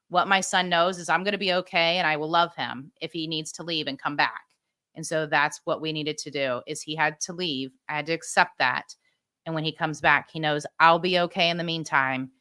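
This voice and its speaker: A middle-aged woman speaks as a podcast guest, sharing her story and advice in an earnest, heartfelt way. Her voice sits a little low yet sounds bright and forward, with a smooth, crisp clarity.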